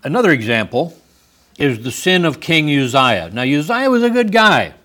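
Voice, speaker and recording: A man's voice: on the high side, big pitch swings, normal speed, sharp tone. A man preaching a sermon who reads scripture aloud and comments on it with wry humor.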